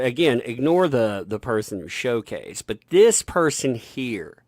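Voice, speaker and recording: A man's voice: medium pitch, no room sound. A man hosting a commentary channel from his home, emphatic and rambling with frequent restarts. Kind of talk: opinionated commentary vlog. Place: home with a basement.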